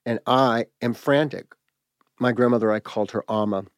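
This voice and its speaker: A man telling a personal story in a halting, reflective way, pausing and restarting as he searches for words. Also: mid-range voice, no echo, studio quality.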